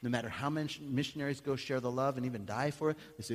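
A male pastor preaching a sermon in a conversational, animated way, acting out little everyday scenes. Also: mid-range voice, racing. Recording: long hall reverb.

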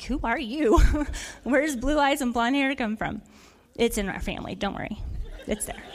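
A woman in her forties giving a candid, laughing storytelling talk to a group of mothers, acting out quoted voices. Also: fairly high pitch. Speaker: speaker at a mothers' gathering.

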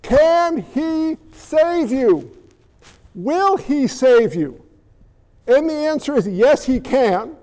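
Middle-aged pastor guy preaching, really high voice, jokes and acts out bits. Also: drawn-out words, poor audio. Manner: animated preaching with acted-out quotes and humor. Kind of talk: sermon.

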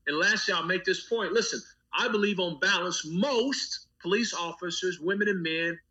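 A man's voice: high voice, moderate pace, bright, forceful tone, muffled recording. A man, a pastor speaking as an interview guest, talking with a preacher's rhythmic cadence, repeating phrases and building long lists. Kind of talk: impassioned interview talk.

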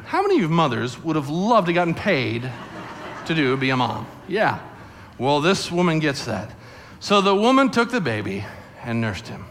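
Animated, bright-voiced male preacher. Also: on the high side, normal speed. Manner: animated storyteller acting out voices, addressing kids. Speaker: pastor. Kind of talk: sermon to a family congregation. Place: church sanctuary.

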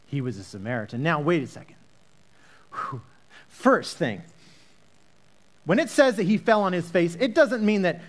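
A man preaching a sermon as a pastor, earnest and animated, often repeating words as he starts a sentence. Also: high voice.

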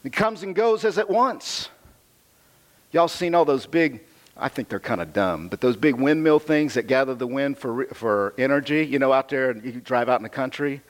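A man's voice: mid-range voice, animated, moderate pace. A man preaching a sermon. He reads scripture and explains it in a conversational way, repeating phrases for emphasis. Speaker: pastor.

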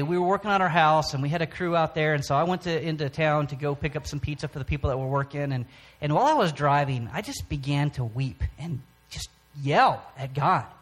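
Man, church testimony, halting, high voice, many restarts. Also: fairly bright tone. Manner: halting, with frequent restarts and pauses. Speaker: church speaker. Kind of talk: personal testimony sermon.

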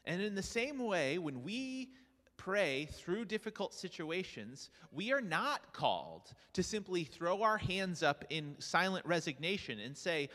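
A man preaching a sermon as pastor, earnest and animated, often asking his listeners rhetorical questions. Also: high-pitched, measured pace, long reverb tail.

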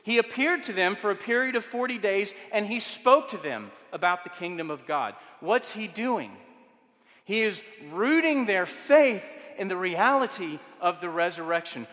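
A man's voice: high-pitched, big pitch swings, normal speed, a bit bright. A man preaching a sermon as pastor, emphatic and rhetorical, stacking up repeated questions. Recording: long reverb of a church hall.

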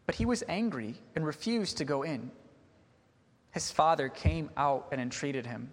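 A preacher with a high voice gives an animated sermon at a measured pace, earnest and questioning. A long reverb carries his words through the church sanctuary.

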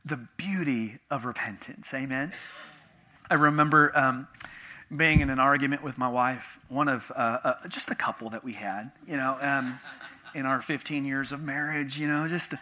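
A man's voice: mid-range voice, fairly even intonation, moderate pace, sharp tone. A man in his thirties preaching a sermon as a pastor, telling a personal story in a conversational, confessional way with sudden bursts of emphasis.

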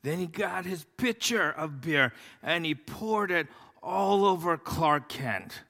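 A man's voice: on the high side, lively intonation, slow, creaky, pushed and bright. Man preaching in a reverberant hall. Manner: conversational, storytelling with many fillers. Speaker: pastor. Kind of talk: sermon. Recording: long reverb of a large hall.

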